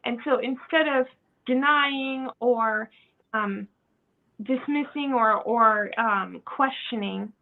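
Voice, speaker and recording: A woman with a high, light voice talks in casual podcast chat, slipping into acted-out quotes with frequent laughter. The sound is thin and tinny, like a phone line. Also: slow pace. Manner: acts out quoted dialogue, laughing often. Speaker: podcast host.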